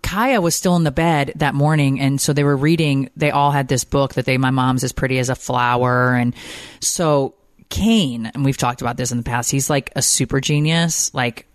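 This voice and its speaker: A woman in her forties hosting a family podcast, telling stories animatedly and jumping high when she quotes her kids. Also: normal speed, no room sound, studio quality. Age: 40s. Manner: animated storyteller, acts out quotes in high pitch. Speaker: podcast host. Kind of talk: casual family podcast chat.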